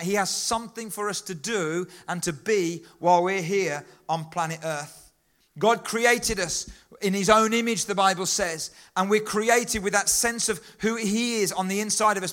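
High-voiced emphatic male preacher. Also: fairly bright tone. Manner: emphatic, repeats key phrases, rhythmic lists. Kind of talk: sermon.

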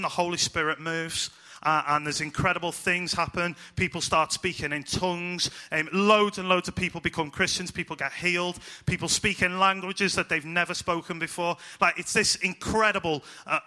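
Young male youth minister, casual story-sermon, bright and fairly high voice. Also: moderate pace. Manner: chatty, animated, acts out voices in quotes.

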